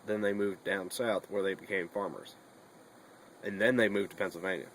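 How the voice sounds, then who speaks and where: A man's voice: sits low, steady tone, normal speed, slight background noise, rough recording. A young man chatting casually in a bedroom vlog, rambling and swearing a lot between fillers. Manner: rambling and profane, with many fillers.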